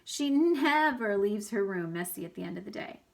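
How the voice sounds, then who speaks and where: A man's voice: sits high, animated, normal speed, gravelly. Woman doing a drawling good-natured custodian. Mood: dismayed. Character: good-natured male school custodian, easygoing.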